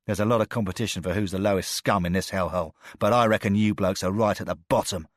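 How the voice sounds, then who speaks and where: A hard, menacing British ex-soldier, played by a male audiobook reader. He growls his threats in a very deep, low voice, close and dry with no room around it, and rises only to bark when pressed. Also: steady tone, fast, dry recording, natural voice.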